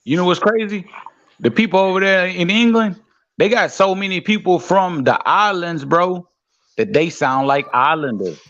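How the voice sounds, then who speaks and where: A man's voice: high-pitched, normal speed, a bit bright, lo-fi sound. A man in casual podcast chat, laid-back, swearing and often agreeing.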